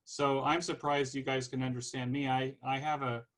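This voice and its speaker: A man with a Californian American accent speaks casually over a video call. He talks at a middle pitch and often stumbles and restarts phrases. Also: level tone, fairly bright tone, rough recording. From United States. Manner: halting, many restarts. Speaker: guest speaker.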